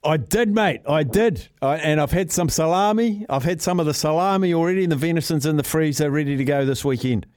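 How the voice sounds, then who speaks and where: A New Zealand-accented radio host runs casual sports talkback from a studio, laid-back and jokey as he reads out listener entries. His voice is a little high and darkish, a little fast with hardly any pauses, and the sound is clean studio audio with no room sound.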